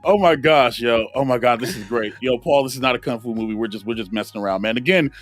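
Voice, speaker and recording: A man hosting a casual podcast, talking in an excitable, slangy way. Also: medium pitch, fast talker. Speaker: podcast host.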